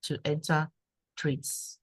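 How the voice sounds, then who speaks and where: A woman with a fairly low voice gives advice at an online meeting. She stammers and repeats words, and her voice sounds dry and close to the mic. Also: completely flat delivery, slow, no echo, poor audio. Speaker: guest speaker sharing her trading story.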